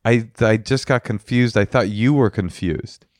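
A man's voice: lowish voice, measured pace, no echo, clean studio sound. A man in his thirties co-hosting a casual comedic podcast, telling rambling stories with lots of restarts. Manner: animated, rambling storyteller with restarts. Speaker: podcast co-host.

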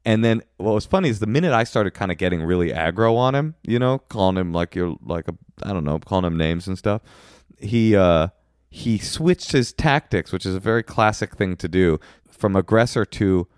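A man's voice: low-pitched, normal speed, clear, resonant tone, dry recording, studio quality. A middle-aged man co-hosting a podcast, telling stories with lots of swearing and acted-out voices. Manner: animated storyteller, acts out voices, swears a lot. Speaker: podcast co-host. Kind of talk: casual chat.

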